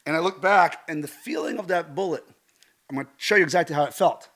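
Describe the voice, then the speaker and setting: A middle-aged American man, a stunt coordinator, telling a vivid personal story with lively gestures and acted-out quotes. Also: on the high side, quick pace. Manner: animated, acts out quotes, swears casually.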